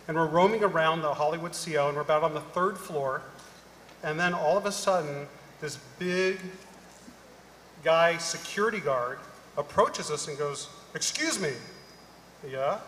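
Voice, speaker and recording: A middle-aged man on a conference panel, telling an animated story and acting out the people in it. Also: on the high side, moderate pace, slight background noise. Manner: animated anecdote-telling, acting out quoted voices. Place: large conference hall. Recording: echoey hall, live panel mic.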